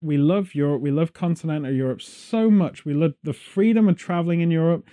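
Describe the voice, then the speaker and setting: A man's voice: fairly high pitch, fairly quick, warm tone. A British man hosting a podcast, chatting casually and joking as he wanders off on tangents. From Britain. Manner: rambling, jokey, goes off on tangents. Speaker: podcast host. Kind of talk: casual chat.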